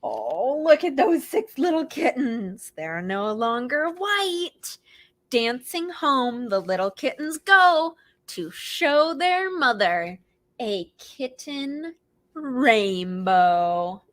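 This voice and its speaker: A woman librarian reading picture books aloud to preschoolers in an animated, expressive way, gasping and making animal noises. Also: sits high, extremely slow, dry recording. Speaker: children's librarian hosting storytime.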